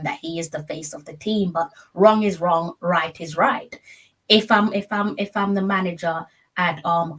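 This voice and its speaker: A woman co-host with a fairly low voice lays out her argument in a measured, persistent way. She sounds a little distant from the mic, as if sitting back from it. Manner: measured, argumentative, explains her point at length. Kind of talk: casual chat.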